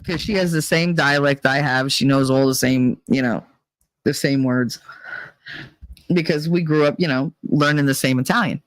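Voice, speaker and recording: A man's voice: mid-range voice, moderate pace, no echo, rough recording. A middle-aged man from New Jersey with a New Jersey accent, hosting a live stream in rambling, profane casual chat, laughing often. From New Jersey, USA.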